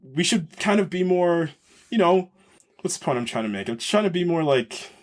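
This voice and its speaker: A man's voice: on the high side, lively intonation, moderate pace. A man hosting a podcast, chatting casually through a film review and often searching for words mid-sentence. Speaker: podcast host.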